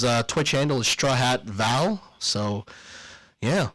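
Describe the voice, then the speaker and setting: A man's voice: mid-range voice, very animated, a little slow, gravelly, fairly bright tone, low-quality recording. A man co-hosting a podcast, reading an ad in a playful, jokey, rambling way with lots of fillers, then signing off casually. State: out of breath. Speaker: podcast co-host. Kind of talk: casual podcast chat and ad read.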